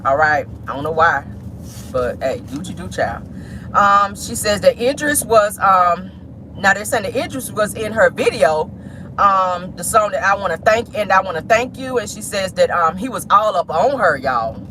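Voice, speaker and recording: A woman's voice: mid-range voice, normal speed, slight background noise, low-quality recording. A woman vlogger chatting sassily about celebrity gossip from her car, calling listeners "honey" often. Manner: sassy, animated, says "honey" often. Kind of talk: casual celebrity gossip chat.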